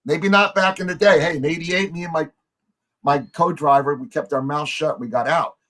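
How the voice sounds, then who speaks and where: A man's voice: fairly high pitch, normal speed. Man telling stories, acting out every voice. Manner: animated storyteller acting out quoted voices. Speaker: podcast guest. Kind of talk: conversational storytelling.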